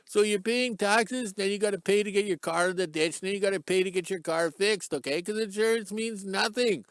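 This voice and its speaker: A man's voice: high-pitched, fairly quick, clear, resonant tone, dry recording. A middle-aged man rambling off the cuff outdoors in a joking, chatty vlog intro, filming himself on a stick. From Canada. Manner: joking, chatty, wanders off topic. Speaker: vlogger, channel host. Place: outdoors in cold sun. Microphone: handheld camera on a stick.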